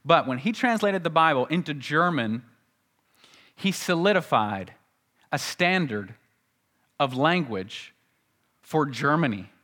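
A man preaching a sermon as pastor, teaching earnestly and slowing down to recite scripture. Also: on the high side, lively intonation, bright, forceful tone.

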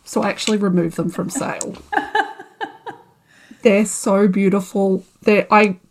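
A woman telling an animated story about her shop launch in a casual chat, laughing and acting out her own reactions. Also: medium pitch, takes it slowly. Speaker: guest, small shop owner.

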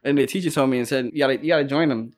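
A young man from Ghana telling his own story in a quick, animated way, his voice slightly altered. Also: medium pitch. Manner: fast, animated retelling with quoted dialogue. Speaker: guest sharing his story. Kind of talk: personal storytelling.

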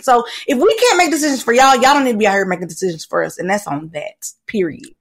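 A woman's voice: mid-range voice, very animated, quick pace, hardly any pauses, rough recording. A woman co-hosting a podcast in casual chat, emphatic and indignant, often laughing as she talks. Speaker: podcast co-host.

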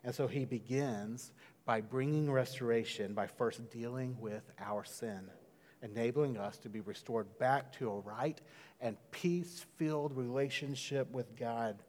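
A man preaching a sermon in a conversational way, dropping to a hush and then rising loud. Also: medium pitch, measured pace. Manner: conversational, swings from hushed to loud. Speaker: pastor. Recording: long hall reverb.

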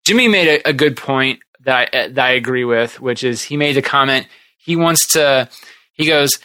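A man hosting a podcast, chatting casually and retelling TV scenes in a rambling, animated way. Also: medium pitch, normal speed, no room sound. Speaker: podcast host. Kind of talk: casual chat.

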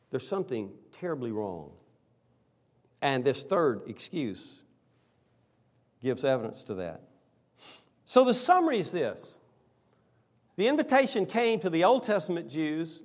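A middle-aged man, a pastor, preaching a sermon with animated delivery, swinging from loud exclamations to soft, earnest appeals. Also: on the high side.

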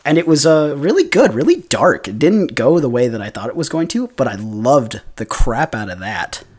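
A woman's voice: very deep voice, sing-song, moderate pace, a little mellow, husky. A woman guest on a casual podcast, telling stories with enthusiasm and many fillers. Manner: enthusiastic storyteller, lots of fillers. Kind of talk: casual chat about comics.

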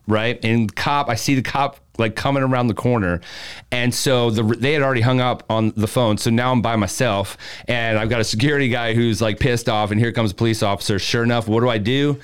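A man casually telling a story, animated, acting out the voices of the people in it. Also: medium pitch, moderate pace, clean tone. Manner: animated, acts out quotes, laughs while telling. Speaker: podcast guest telling a story.

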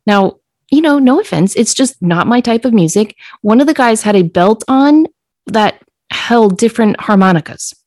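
A woman podcast co-host telling a story in casual chat, acting out quoted lines in a higher voice. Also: expressive, moderate pace, a little mellow, no echo.

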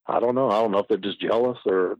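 A man's voice: fairly low pitch, fast, dry recording. A man telling a rambling, profane story in casual chat, laughing often. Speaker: guest storyteller. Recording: muffled lo-fi recording.

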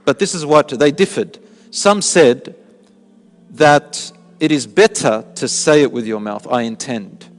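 A man's voice: a little high, lively intonation, measured pace, big-room sound, soft background music. A man giving a religious talk, explaining step by step with rhetorical questions he answers himself. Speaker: Islamic preacher. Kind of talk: sermon.

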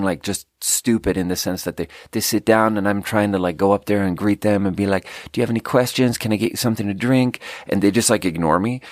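In studio-quality audio without echo, a lowish-voiced man who hosts a podcast and works as a restaurant server launches into a lengthy rant about troublesome guests. His animated, casual retelling is exasperated and full of profanity.

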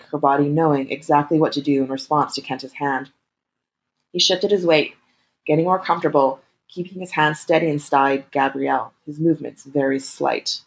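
A woman reading an erotic story aloud in a calm, steady narration. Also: low voice, gravelly, poor audio.

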